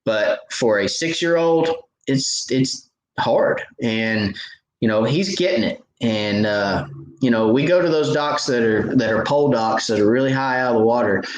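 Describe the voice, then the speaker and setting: A man's voice: medium pitch, unhurried, roomy sound, poor audio. A man hosting a fishing show, telling stories and answering viewer questions in a casual live chat, laughing at his own stories. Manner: chatty storyteller, laughs at own stories, many restarts.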